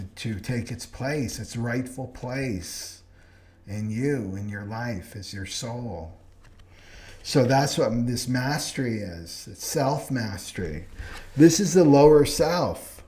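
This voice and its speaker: A man of middle pitch leads a live spiritual class, speaking earnestly to his listeners. He keeps checking in with them as he teaches. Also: darkish tone. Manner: earnest, keeps asking "right?". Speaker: astrology teacher. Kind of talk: live online class talk.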